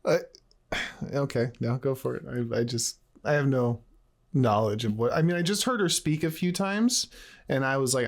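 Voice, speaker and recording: A man's voice: medium pitch, moderate pace, creaky. A man in casual podcast chat about a game, rambling and laughing often. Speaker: podcast co-host.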